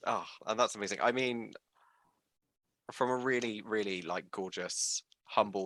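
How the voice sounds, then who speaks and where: A man hosting an interview, gushing and animated, with many fillers. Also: fairly low pitch, normal speed, no room sound. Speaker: interview host. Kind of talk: enthusiastic casual interview.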